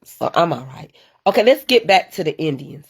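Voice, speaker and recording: A woman's voice: deep voice, big pitch swings, normal speed, slightly rough. A woman hosting a casual live stream, chatting straight to her viewers and answering their comments. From United States. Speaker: livestream host reading viewer comments.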